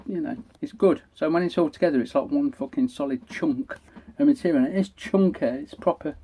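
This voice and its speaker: A man's voice: a little high, warm tone. A middle-aged British man, the host, giving a chatty, enthusiastic product review and swearing freely. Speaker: vape reviewer. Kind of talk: casual product review vlog.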